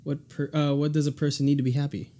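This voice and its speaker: Man hosting a quick-fire question game. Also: on the high side, flat delivery, warm tone, a little hiss or hum. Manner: laughs often, stumbles and restarts. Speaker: podcast host. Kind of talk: casual rapid-fire questions.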